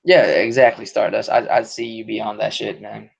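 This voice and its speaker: A man's voice: fairly low pitch, steady tone, normal speed, vocal fry, husky. A man hosting a podcast in casual, profane, rambling chat with many restarts. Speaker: podcast host. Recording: dull lo-fi audio.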